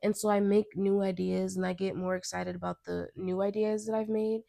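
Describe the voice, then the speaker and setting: A young American woman talks alone into her podcast mic in a loose, earnest ramble and keeps stopping to rephrase herself. Her voice sits at an ordinary pitch with plenty of gravelly vocal fry. The sound is close and dry, with no room around it. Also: little pitch movement, moderate pace, warm tone, no echo. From United States. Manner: rambling, self-interrupting, earnest. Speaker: podcast host. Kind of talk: casual podcast monologue.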